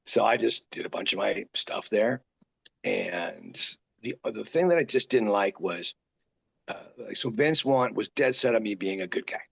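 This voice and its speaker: Gravelly low-voiced man telling stories. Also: unhurried, low-quality recording. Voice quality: gravelly, raspy deep voice. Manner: rambling, animated, full of quoted asides. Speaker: guest pro wrestler. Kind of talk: casual interview storytelling.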